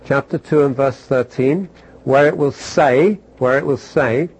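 A man's voice: medium pitch, measured pace, darkish tone, slightly rough, rough recording. A man preaching a sermon, repeating phrases for emphasis and asking his listeners questions.

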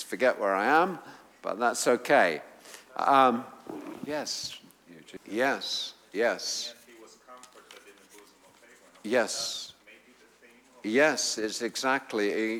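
A man's voice: on the low side, a bit bright. A man preaching a sermon to a congregation, emphatic and rising to fervent appeals. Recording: long hall reverb.

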